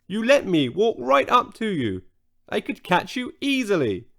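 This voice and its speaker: A plucky, headstrong little girl from a storybook, as a male narrator puts her on. The voice is pitched well up, with lively, bouncing intonation and an earnest, insistent push, delivered at a slow, clear pace. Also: exaggerated voice. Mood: urgent. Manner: earnest, urgent, determined. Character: brave, stubborn little girl. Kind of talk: children's storybook reading.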